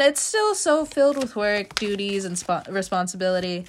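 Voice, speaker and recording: A woman's voice: mid-range voice, expressive, normal speed, slight background noise. A woman giving a casual tarot reading, chatty, with many "you know" fillers, frequent little laughs and casual swearing. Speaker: tarot reader.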